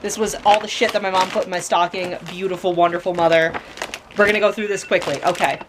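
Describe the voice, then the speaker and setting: A woman's voice: lowish voice, steady tone, quick pace, noisy background. A young woman chatting casually at home in a haul vlog, rambling with lots of fillers and casual swearing, recorded on a camera mic. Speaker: vlogger. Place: home room.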